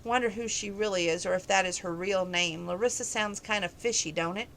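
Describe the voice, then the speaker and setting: A woman's voice: medium pitch, brisk, gravelly, a bit bright, a little hiss or hum. A woman reading the part of a blunt, feisty female bar owner with brash comebacks.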